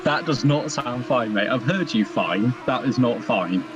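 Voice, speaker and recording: A man's voice: mid-range voice, expressive, measured pace, distant mic, highs cut off, noisy background. A man commentating a sim race, chatty and self-deprecating. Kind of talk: live sim racing commentary.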